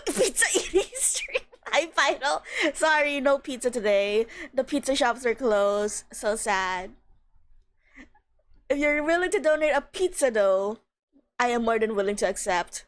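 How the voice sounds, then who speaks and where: A woman streamer chatting casually and excitably between voiced game lines, laughing often and swearing. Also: a little high, unhurried, music in the background. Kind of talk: casual live-stream chat while voicing game characters.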